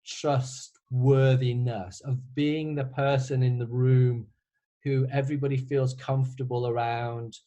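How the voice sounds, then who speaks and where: A man's voice: medium pitch, dark tone, rough recording. A man who is a composer, answering student questions on a video call in a casual, hesitant way, with many restarts and a wry humor. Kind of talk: casual online Q&A.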